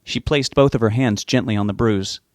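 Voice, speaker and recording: A man narrating a novel as an audiobook reader, giving the characters' lines small lifts in pitch. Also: moderate pace, no echo.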